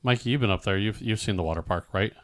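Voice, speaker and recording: A man in his forties from Nebraska hosting a podcast in casual chat, easygoing and halting, often repeating and restarting his words. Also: fairly low pitch, a bit bright, no room sound, studio quality. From Nebraska, USA. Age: 40s. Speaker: podcast host.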